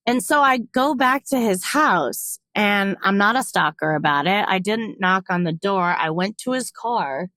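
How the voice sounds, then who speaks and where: A young woman vlogger telling a candid personal story, frank and animated, swearing freely and acting out what people said. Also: medium pitch, a little slow, few pauses, no room sound, poor audio.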